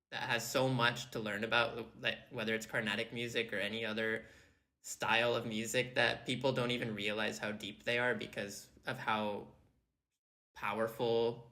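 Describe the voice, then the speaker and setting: A man's voice: mid-range voice, bright, forceful tone. A man interviewing a guest, thoughtful, with many fillers. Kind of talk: interview conversation.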